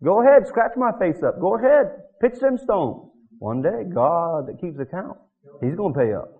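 A male preacher with a high voice that swoops up and down as he tells his stories. He delivers a sermon and acts out the people in it. The recording sounds muffled and lo-fi. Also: moderate pace. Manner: animated storytelling, acting out quoted voices.

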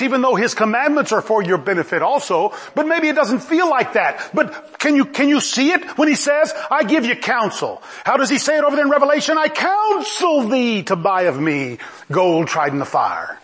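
A middle-aged man preaching a sermon in a lively, conversational way, often asking the congregation questions. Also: very high-pitched, fairly quick, hardly any pauses.

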